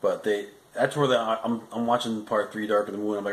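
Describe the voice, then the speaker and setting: A man's voice: fairly low pitch, fairly even intonation, fairly quick, roomy sound, low-quality recording. A man giving a casual, rambling spoken movie review, often restarting sentences and adding frustrated asides.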